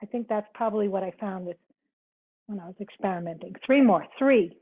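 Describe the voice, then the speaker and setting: This instructor talks fast in a medium-pitched voice with fairly even intonation while cueing her live online yoga class. Between counting reps and giving short cues she chats with students, and the video-call sound is tinny.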